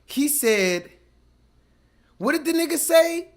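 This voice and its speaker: A man with a high voice hosts his own show, ranting in a heated, profane way. He talks emphatically and stresses his points over and over. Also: very animated, measured pace, pauses often. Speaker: host. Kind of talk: ranting commentary.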